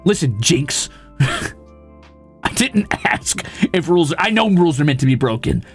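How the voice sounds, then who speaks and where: A young man streaming casually, reading viewer comments aloud and ranting with lots of swearing, flipping between outrage and mock calm. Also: a little high, a little slow, soft background music. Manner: profane, excitable ranting that swings to mock calm.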